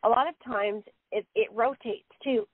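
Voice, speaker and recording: A woman's voice: a little high, normal speed, no echo. A woman working as a psychic medium on a live radio show, relaying messages in a rambling way with frequent "he says.". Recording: phone-line sound, dry.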